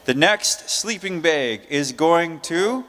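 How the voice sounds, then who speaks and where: A man with a high, light voice calls out prize winners at a live conference. He speaks in a loose, joking, chatty way. His voice rings with a long reverb from the big hall around him. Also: expressive, slow pace, a bit bright. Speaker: emcee drawing prize winners.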